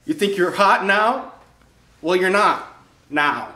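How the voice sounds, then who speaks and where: A young man telling a funny story from his school days in a casual, animated way, acting out the quoted lines in high squeaky voices. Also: takes it slowly, a little hiss or hum. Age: young adult. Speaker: storyteller vlogger. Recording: echoey room.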